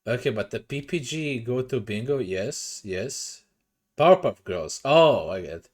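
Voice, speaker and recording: A man's voice: mid-range voice, animated, unhurried, darkish tone. A young man streaming from home into a desk mic, chatting casually with his viewers, swearing and sounding self-conscious. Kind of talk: casual livestream chat. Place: home room. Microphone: desk microphone.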